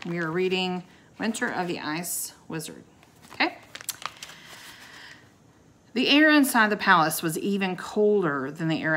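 A woman's voice: lowish voice, fairly bright tone. Woman reading a children's chapter book aloud. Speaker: teacher.

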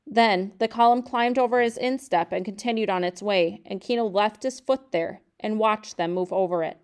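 Woman reading a novel aloud, smooth voice. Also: mid-range voice, moderate pace. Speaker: reader of a novel.

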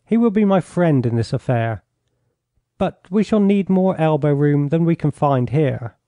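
A man reading an audiobook, voicing a coarse, drunken older baron with a gruff, blustering manner. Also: a little high, lively intonation, measured pace, dark tone, dry recording.

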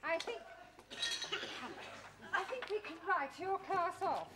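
Woman as a curt school head, high voice, noisy track. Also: lively intonation, slow, heavily acted. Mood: stern. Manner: curt, dismissive. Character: stern female headmistress. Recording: noisy background.

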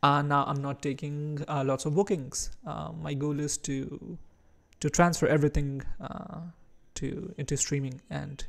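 A man's voice: fairly high pitch, level tone, measured pace, vocal fry. A man from India with an Indian English accent mixed with American and British touches, chatting casually while streaming chess and reacting to his moves.

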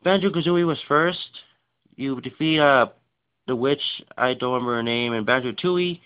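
A tired man talks casually, full of fillers and rushed asides, in a smooth, resonant voice. The recording sounds dull and lo-fi. His delivery is loose and unscripted, as if he is showing things off as he goes. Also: mid-range voice. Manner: rambling, filler-heavy, rushed. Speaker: game collection vlogger. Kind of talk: casual unscripted show-and-tell.

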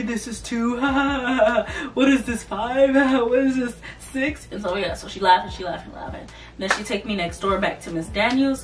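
A young woman casually telling a storytime vlog, animated and loose, slipping into mocking voices. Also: mid-range voice. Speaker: vlogger. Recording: voice a bit far from the mic, soft music behind.

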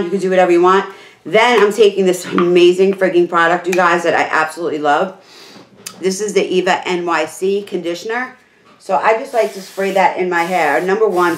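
A chatty beauty vlogger, a woman with a lowish, slightly worn voice, talks through a hair tutorial in an easygoing, rambling way. Her words bounce around a roomy, echoey room. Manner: chatty, rambling, full of "like" and "literally". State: losing her voice.

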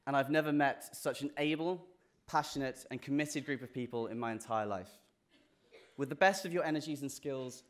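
A young man with a British accent giving a graduation class day speech, earnest with self-deprecating jokes and frequent restarts. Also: medium pitch. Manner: restarts and repeats words. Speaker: graduating student speaker.

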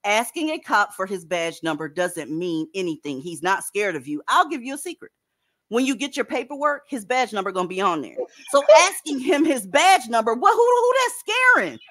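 A woman's voice: mid-range voice, very animated, fairly quick, a bit bright. A woman hosting a casual online panel chat, blunt and profane, lecturing her listeners. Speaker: panel host.

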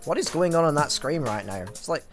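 A man's voice: fairly high pitch, big pitch swings, fairly quick, soft background music. A young man hosting a let's play, chatting in a rambling way that trails off into fillers. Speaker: gaming channel host.

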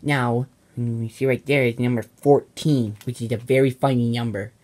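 A man's voice: mid-range voice, fairly even intonation, normal speed, darkish tone. A man acting a home-made skit in a casual, mumbling way, with frequent sighs.

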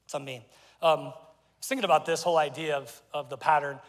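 A man's voice: on the high side, steady tone, fast. A middle-aged man preaching a sermon to his congregation, conversational and joking, with asides to the crowd. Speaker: pastor. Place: church auditorium. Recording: long church hall reverb.

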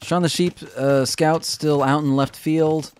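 This young game caster's voice is a little high, steady, unhurried, and slightly mellow, with a clean tone. Chatting casually over a strategy game, he makes self-mocking jokes and laughs at them.

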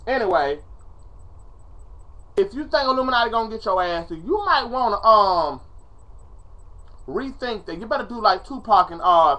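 The speaker is a male vlogger whose voice is high-pitched and bright, with a forceful tone. On a home webcam recording with faint music behind him, he rants dramatically and profanely, pleading in exasperation.

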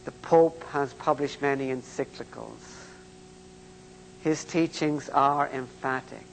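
An older man preaching in a slow, emphatic, deliberate way. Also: mid-range voice, creaky, big-room sound, slight background noise, low-quality recording. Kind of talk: sermon-style lecture.

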